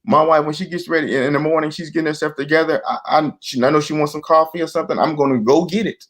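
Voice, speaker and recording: A man's voice: fairly high pitch, fairly even intonation, fast, a bit bright. A middle-aged man, a guest in a casual chat, giving earnest advice and acting out bits of dialogue. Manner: earnest, preachy, acts out dialogue.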